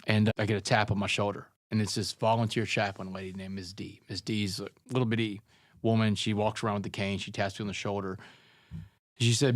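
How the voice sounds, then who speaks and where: A man's voice: lowish voice, steady tone, fairly quick, no echo, clean studio sound. A man who is a guest author, telling his life story in an earnest, conversational way in an interview. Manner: earnest, conversational, calls people man and brother.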